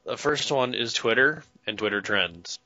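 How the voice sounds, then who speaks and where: A man's voice: medium pitch, lively intonation, a little slow, pushed and bright, dry recording. A man in casual chat, blunt and rambling, swearing now and then. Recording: dull dry lo-fi sound.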